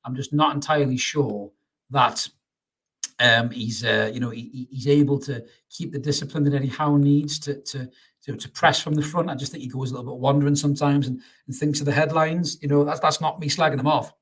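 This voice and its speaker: A husky-voiced man runs a live fan stream, talking quickly through viewer comments. He chats casually, calls everyone mate and often restarts his sentences. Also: medium pitch, steady tone. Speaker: fan channel host.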